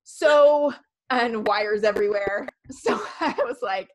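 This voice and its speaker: Bright, chatty woman host. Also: fairly high pitch, moderate pace. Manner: chatty, animated storytelling. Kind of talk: casual live-stream chat.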